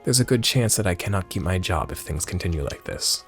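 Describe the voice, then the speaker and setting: A man voicing a young male bird keeper in a gruff old pirate-like voice, worried and pleading as he reads game dialogue aloud. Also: low-pitched, expressive, brisk, faint music behind.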